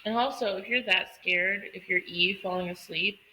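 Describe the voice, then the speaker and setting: Woman, podcast co-host, casual chat, bright sharp tone, quotes characters, faint noise. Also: mid-range voice, low-quality recording. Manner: chatty, quick to react, quotes characters. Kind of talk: casual book discussion.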